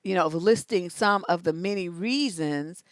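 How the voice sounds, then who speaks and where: A woman relationship coach talks to her viewers in a loose, sassy way, her voice sitting on the low side. The sound is dry and close with no room echo. She is animated and laughs easily as she gives advice. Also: normal speed. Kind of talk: casual live-stream advice talk.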